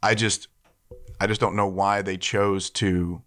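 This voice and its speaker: A man with a very deep voice co-hosts a casual podcast. He tells stories in an animated way and often laughs along. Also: measured pace. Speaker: podcast co-host.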